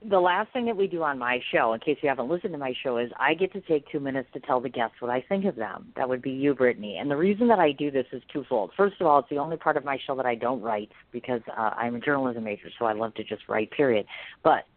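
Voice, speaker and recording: Woman podcast host, gushing, rapid delivery, tinny phone-quality audio. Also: rumbling low, expressive, no room sound. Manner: effusive, gushing. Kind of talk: interview podcast. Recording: phone-like line, dry.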